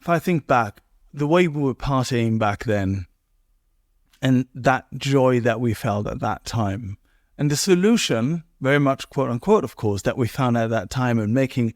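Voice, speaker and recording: A man's voice: mid-range voice, dry recording, clean studio sound. A man hosting a podcast, chatting casually and animatedly with his guest. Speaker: podcast host. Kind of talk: casual interview chat.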